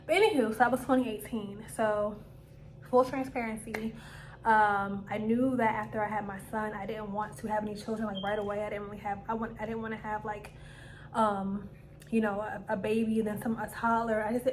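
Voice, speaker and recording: A young woman vlogger, telling a personal story to camera in a casual, animated way and acting out her own quoted lines. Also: mid-range voice, a little fast, a little hiss or hum.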